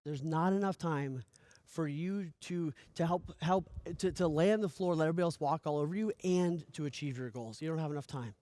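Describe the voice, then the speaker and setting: A man giving a motivational coaching speech, energetic, often asking "right?" and acting out little dialogues. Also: a little high, fairly quick. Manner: energetic, repeats "right?" often, stammers on restarts; acts out dialogue in lively voices. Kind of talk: motivational talk.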